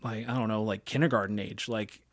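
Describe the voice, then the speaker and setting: A man's voice: on the low side, steady tone, fairly quick. A man in his thirties hosting a gaming podcast in casual chat, rambling with many fillers and restarts. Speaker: podcast host.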